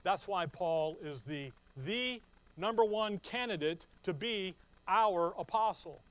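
Male Bible teacher, slightly high-pitched, conversational, slows for emphasis. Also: animated, no echo, low-quality recording. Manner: conversational teaching, rising to slow emphatic stress. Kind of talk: sermon.

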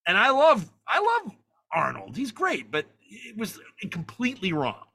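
Bright, animated man telling a story. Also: high voice, unhurried, vocal fry. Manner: animated, profane, acts out the people in his stories. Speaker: guest filmmaker. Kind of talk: storytelling in a conversation.

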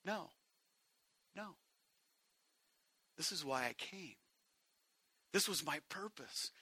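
A man preaching a sermon to a congregation, swinging from hushed, quiet passages to shouted emphasis and speaking directly to his listeners. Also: fairly high pitch, animated, takes it slowly, husky, no echo. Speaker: pastor.

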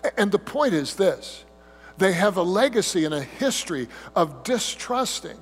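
A man preaching a sermon as pastor, telling the story with animated delivery and mimicking whiny grumbling voices. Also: sits high. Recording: hum with long hall reverb.

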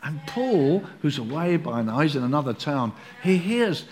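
A man preaching a sermon in a lively way, acting out the voices of people in his story. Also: a little high, measured pace, few pauses, a little hiss or hum.

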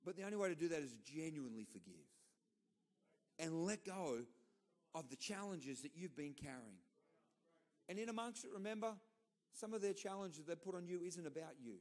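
A middle-aged Australian man preaches a sermon in a loose, storytelling style. His voice sits a little higher than usual for a man, and he leans on repetition and emphatic asides to drive his points home. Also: animated, moderate pace, long pauses, a little mellow. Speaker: pastor.

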